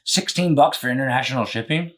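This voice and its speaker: A man's voice: medium pitch, fast, a bit bright. A young man hosting a casual podcast, rambling and joking, swearing freely. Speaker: podcast host and business owner.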